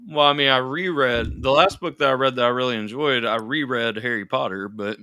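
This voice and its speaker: A man's voice: mid-range voice, a little fast, smooth, no room sound, highs cut off. A man hosting a casual livestream chat, rambling easily and swearing now and then. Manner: relaxed, swears freely, trails off. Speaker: stream host.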